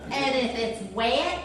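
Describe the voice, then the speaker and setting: A middle-aged woman with an East Tennessee country accent, telling folksy comic stories to a live crowd and laughing at her own jokes. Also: sits high. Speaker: comic impersonator. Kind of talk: live stand-up storytelling to a crowd. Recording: echoey room recording from far off.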